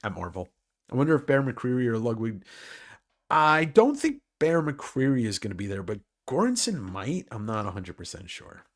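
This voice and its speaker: A man's voice: medium pitch, very animated, moderate pace. Rambling, joking male host. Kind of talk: casual livestream chat.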